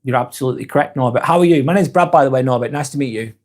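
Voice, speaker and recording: A man in his forties with a Northern English accent hosts a live stream, reading chat comments aloud while joking and rambling. His medium-pitched, slightly mellow voice comes out rapid-fire, with frequent restarts.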